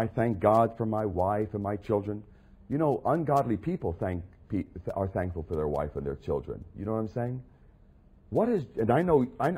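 Husky man preaching with dramatic swings. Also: lowish voice. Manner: dramatic, swings from quiet asides to loud acted quotes of Jesus. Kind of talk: sermon.

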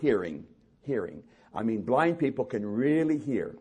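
A man preaching a sermon, animated and emphatic, acting out voices and building with repetition. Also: mid-range voice, a little slow, breathy edge, highs cut off. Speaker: pastor.

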